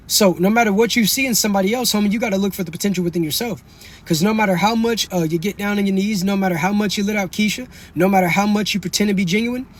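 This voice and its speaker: A man's voice: high voice, breathy edge. A young man hosting a live stream, preaching and bragging in a swaggering, slangy way while he kicks out commenters. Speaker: livestream host. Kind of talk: casual livestream monologue.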